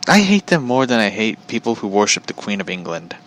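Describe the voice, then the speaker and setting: A man's voice: on the low side, very animated, quick pace, few pauses, a bit bright. A man hosting his show from home, telling a story as a profane, aggravated rant. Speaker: show host. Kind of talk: ranting storytelling.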